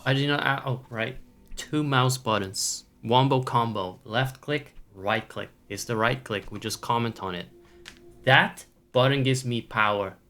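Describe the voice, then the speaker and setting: A man with a mid-range voice and a sharp tone streams a puzzle adventure game, talking a little slowly over soft background music. His casual commentary is playful and goofy as he jokes with viewers, riffs on words, and puts on silly voices.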